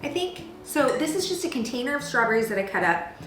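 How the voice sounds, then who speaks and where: A chatty woman in her thirties hosts a home cooking show and tells stories in a playful, gossipy way. Her voice carries a roomy echo from the kitchen, with music playing clearly behind her. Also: high voice, big pitch swings, quick pace, a bit bright. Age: 30s. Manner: gossipy, playful storyteller with lots of fillers.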